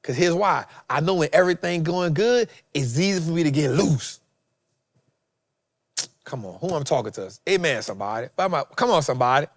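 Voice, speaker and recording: A man hosting a show, giving a preachy motivational talk, swinging between loud and soft and repeating his phrases. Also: fairly high pitch, moderate pace, vocal fry, no room sound, clean studio sound. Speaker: host.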